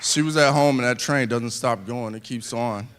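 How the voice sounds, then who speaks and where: A man in his thirties, a wounded veteran, giving an earnest personal speech to an audience, speaking haltingly with restarts. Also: medium pitch, fairly bright tone, a little hiss or hum.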